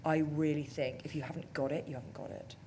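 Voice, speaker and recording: A woman's voice: low-pitched, fairly even intonation, quick pace, noisy background. A woman film director talking in an on-stage interview, chatty and self-deprecating, with lots of fillers. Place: on stage at a cinema talk event.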